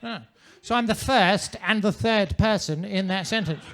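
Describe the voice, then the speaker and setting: A man's voice: sits high, normal speed, a bit bright. A man performing a stand-up comedy set on a comedy club stage, in a pompous manner with ornate wording.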